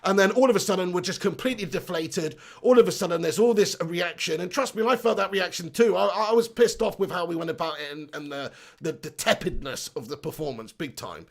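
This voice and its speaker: A young man hosts a casual livestream, his voice high and gravelly. He talks bluntly, swears a lot and jokes around as he reads out viewers' comments. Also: a little fast, hardly any pauses. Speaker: fan channel livestream host.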